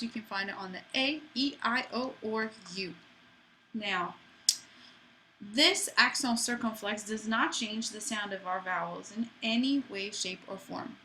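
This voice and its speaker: A woman's voice: mid-range voice, pushed and bright, a little hiss or hum, low-quality recording. A woman teaching a French lesson to students in a chatty way, with playful asides. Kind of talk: classroom lesson.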